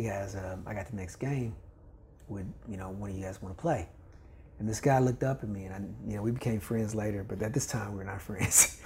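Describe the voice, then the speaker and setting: With slight background noise, an older man's voice comes through on the low side as he tells a story on a podcast. He's a volleyball coach from Kentucky who talks casually and animatedly, acting out quoted voices and laughing frequently.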